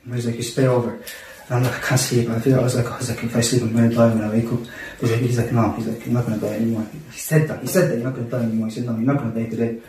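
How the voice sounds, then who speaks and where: A man tells a gripping personal story at a rapid clip, circling back on his words and peppering them with Arabic religious phrases. His voice bounces around an echoey room and sits some distance from the mic. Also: medium pitch, level tone, darkish tone, slight background noise. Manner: intense, repetitive, sprinkles Arabic religious phrases. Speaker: guest telling a personal story. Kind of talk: casual podcast storytelling.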